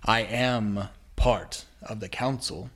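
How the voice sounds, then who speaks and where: A man voicing a haughty middle-aged male council member, who speaks slowly and condescendingly. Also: lowish voice, steady tone, fairly bright tone. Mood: disdainful. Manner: slow, condescending.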